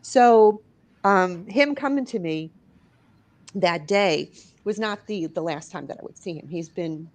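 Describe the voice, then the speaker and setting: Woman, middle-aged, from New York, studio interview guest, emotional storytelling, expressive. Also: lowish voice, measured pace. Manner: expressive, rises and drops as she tells the story. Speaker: guest author and paranormal investigator.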